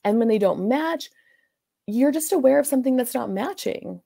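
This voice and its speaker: This life coach is a woman with a high, expressive, creaky voice and a warm tone, speaking at normal speed. She casually recounts a client's story, meandering loosely with lots of restarts and "like"s.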